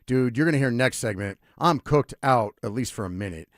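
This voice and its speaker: A middle-aged man holds the mic on a sports talk show. His voice swoops up and down as he rambles through an animated story. The studio sound is close and dry, with no room echo. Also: mid-range voice, a little fast. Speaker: sports radio host. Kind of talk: casual radio talk and storytelling. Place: radio studio.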